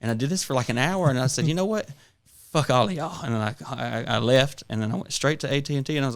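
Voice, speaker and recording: Fast-talking profane man. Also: mid-range voice, gravelly. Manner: profane, ranting, animated storytelling. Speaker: podcast co-host. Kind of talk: casual chat.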